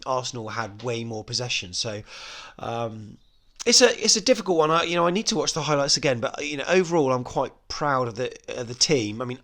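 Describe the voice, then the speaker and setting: A man talking through a football match and scoring each player, in a relaxed, off-the-cuff review. His voice sits at an ordinary middle pitch, and his talk is loose, full of fillers, and often stops to correct itself. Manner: rambling, many ums and you-knows, self-correcting. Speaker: football fan channel host.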